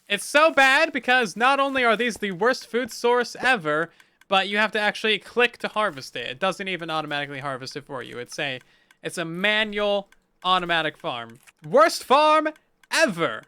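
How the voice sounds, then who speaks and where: A man's voice: sits high, sing-song, normal speed, pushed and bright, smooth, no room sound. A man hosting a game let's play, talking in upbeat, chatty commentary with dry sarcastic jokes. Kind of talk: casual gameplay commentary.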